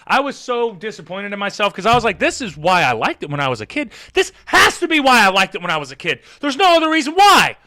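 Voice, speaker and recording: A man recapping a movie on a casual live stream, excitable and profane, often laughing as he retells scenes. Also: high-pitched.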